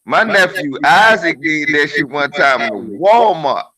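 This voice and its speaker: A man's voice: a little high, a little slow. A middle-aged man in a casual chat, swearing freely and laughing as he tells stories about his kids. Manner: profane, laughing, animated storyteller.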